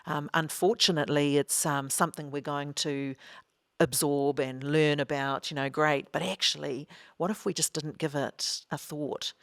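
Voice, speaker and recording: Low-voiced earnest New woman. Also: steady tone, a bit bright, no echo, studio quality. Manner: earnest, measured, with frequent ums. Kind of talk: reflective discussion.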